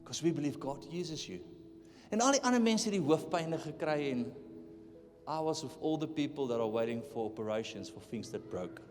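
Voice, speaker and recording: Animated preacher in a hall. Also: male voice, fairly high pitch, brisk. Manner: animated, acts out voices in his stories, swings from loud to hushed. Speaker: guest preacher. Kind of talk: conference sermon with storytelling. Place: large church hall. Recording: live church hall reverb with music underneath.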